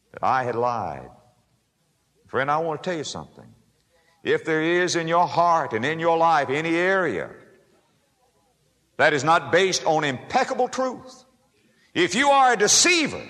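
A man preaching a sermon, emphatic, swinging between loud rises and hushed drops. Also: a little high, big-room sound. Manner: emphatic, rising and dropping sharply for effect.

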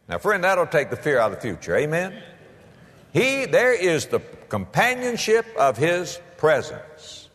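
A man preaching a sermon with an animated, rising and falling voice. He swings from emphatic proclaiming to quiet storytelling. His voice rings with a long reverb, as if in a large church sanctuary. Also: a little high, unhurried. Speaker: pastor.

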